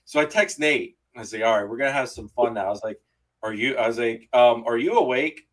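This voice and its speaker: A man's voice: medium pitch, a little fast, low-quality recording. A man co-hosting a casual podcast, telling a story and acting out both sides of the conversation. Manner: animated storyteller who acts out dialogue. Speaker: podcast co-host. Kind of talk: casual chat.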